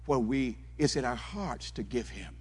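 Husky-voiced man preaching in a reverberant hall. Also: mid-range voice, expressive, measured pace, darkish tone. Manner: fervent, repetitive preaching that asks the congregation questions. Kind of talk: sermon.

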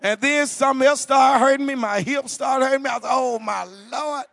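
A middle-aged man preaching in a church hall, his voice sitting high for a man with a gravelly edge. He tells his story in a folksy, emphatic way. The sound rings with long reverb from the hall. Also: quick pace, fairly bright tone, studio quality. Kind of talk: sermon with personal testimony.

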